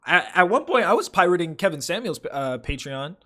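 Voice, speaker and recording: Higher-voiced young man chatting casually. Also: big pitch swings, brisk, pushed and bright. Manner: loose, profane, filler-heavy slang talk. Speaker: livestream host. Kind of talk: casual livestream chat, reading viewer comments.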